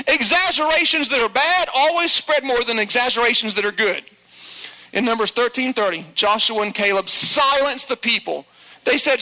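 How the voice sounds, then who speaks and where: A male pastor preaching a sermon, acting out quoted voices and dropping low for emphasis. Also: bright, forceful tone, rough recording.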